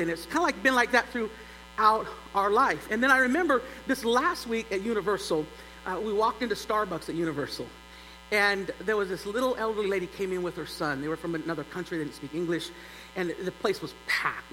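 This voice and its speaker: A middle-aged male pastor telling a humorous story in a sermon, animated and building to loud exclaims. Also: sits high, fairly quick. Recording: long church reverb, faint hum.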